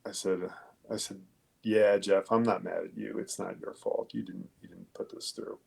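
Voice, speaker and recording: A man's voice: deep voice, fairly even intonation, moderate pace, creaky, a little mellow, slightly rough. A police detective, a man, telling his story bluntly and with heavy swearing in a conversational interview. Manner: blunt, profane, emphatic. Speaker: police detective, podcast guest.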